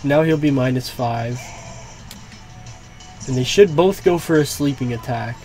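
A man's voice: medium pitch, measured pace, darkish tone. A young man giving live, reactive commentary on his own gameplay, swearing and groaning at setbacks. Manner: reactive, swearing, frustrated outbursts. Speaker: gaming YouTuber. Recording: faint game music behind.

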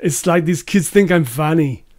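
A man's voice: fairly high pitch, moderate pace, darkish tone, natural voice. A man doing a bad action-star impression. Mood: boastful. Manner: exaggerated, self-mocking impression. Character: gruff muscle-bound male action star, boastful.

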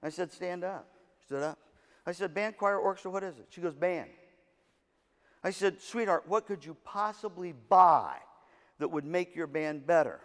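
A man's voice: sits high, moderate pace. A man giving a motivational talk to music directors, telling a story and acting out the voices in it, with jokes to the audience. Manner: animated storyteller, acts out quotes, jokes with audience. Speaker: keynote speaker at music educators' session. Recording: long hall reverb.

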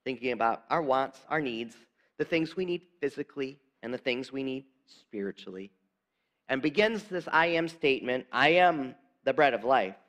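Male pastor, relaxed conversational sermon, mid-range voice, quiet emphatic drops. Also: mid-range voice. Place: church sanctuary.

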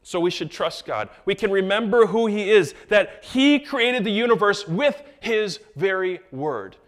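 Preaching to his congregation, a man with a high-pitched voice takes an unhurried pace. His sermon is animated, shifting between quiet asides and loud, raised lines, with jokes tossed to the listeners.

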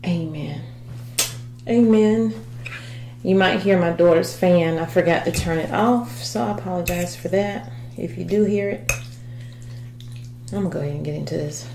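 A woman's voice: lowish voice, moderate pace, gravelly, long pauses, warm tone, reverberant, slight background noise, low-quality recording. A woman in her fifties chatting casually to viewers as she eats on camera at home. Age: 50s. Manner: chatty, eats while talking, addresses viewers as y'all. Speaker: vlogger. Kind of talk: casual mukbang chat.

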